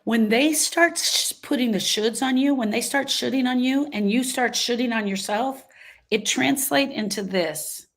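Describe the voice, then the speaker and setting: With a fairly high, fairly bright voice and a slightly slow delivery, a woman grief coach speaks live and motivationally. She is emphatic, says her phrases again and again, and performs the voices of people she quotes.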